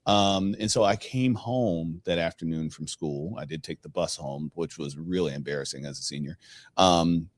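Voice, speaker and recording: A middle-aged man hosting a podcast, telling a personal story in a casual, animated way and acting out the dialogue. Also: low-pitched, moderate pace, dry recording. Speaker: podcast host.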